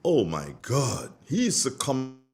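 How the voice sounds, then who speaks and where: A man's voice: mid-range voice, slow, vocal fry. A Grenadian man hosting a radio show, greeting listeners and telling stories in a casual, colloquial way. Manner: animated storyteller with Caribbean colloquial phrasing. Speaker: radio host. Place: radio studio.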